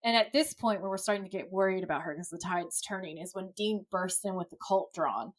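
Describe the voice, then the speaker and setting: A woman's voice: mid-range voice, fairly quick. Casual woman retelling a TV episode. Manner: lively play-by-play retelling, casual swearing. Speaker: podcast co-host.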